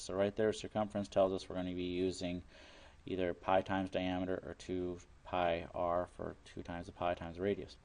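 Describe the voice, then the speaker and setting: A man's voice: deep voice, darkish tone. A man teaching a recorded math lesson, explaining each step plainly and working problems aloud.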